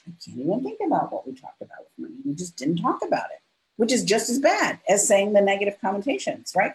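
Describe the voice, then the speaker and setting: A woman's voice: lowish voice, rough recording. A middle-aged woman, a business coach guest on a podcast, telling stories animatedly, acting out quoted dialogue and often tagging lines with "right?". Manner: expressive, acts out quoted dialogue, frequent "right?". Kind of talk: animated storytelling in conversation.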